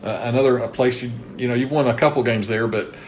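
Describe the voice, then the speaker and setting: A man with a Kentucky accent hosts a relaxed sports history interview. He chats along in a mid-range voice, piling up scores and yardage. A faint hum sits under the talk. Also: medium pitch, quick pace. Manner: chatty, reels off season statistics. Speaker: host interviewing a former coach.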